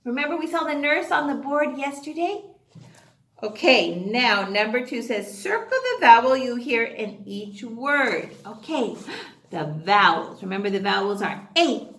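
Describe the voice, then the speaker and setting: A woman teacher leading an online phonics lesson for young children, drawing out each word slowly and cheering them on. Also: high-pitched. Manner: slow, drawn-out word modeling with lively cheering. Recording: echoey room.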